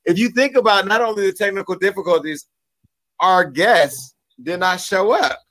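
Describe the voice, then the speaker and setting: A man's voice: sits high, a bit bright. Brash, joking talk show host man. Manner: profane, joking, rapid banter. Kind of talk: casual chat.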